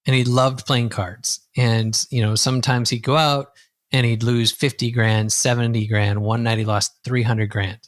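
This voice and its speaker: A man who works as a coach, telling a client's story as a podcast guest and acting out the dialogue with a lively voice. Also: mid-range voice, moderate pace, no room sound, studio quality. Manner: lively, acts out quoted dialogue. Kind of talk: conversational storytelling.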